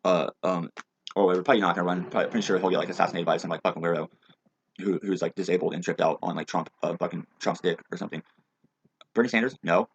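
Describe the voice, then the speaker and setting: A man's voice: low-pitched, fairly even intonation, fast talker, vocal fry. A man ranting angrily in a rambling, profane, agitated way, in a muffled lo-fi recording. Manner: agitated, rambling, heavy swearing. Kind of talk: angry profane rant. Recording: muffled lo-fi with faint hiss.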